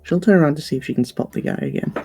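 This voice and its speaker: A man's voice: on the high side, huge pitch swings, rapid-fire, creaky, darkish tone, husky, soft background music. A man playing a tabletop role-playing game, speaking hesitantly with many restarts and fillers. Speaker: player.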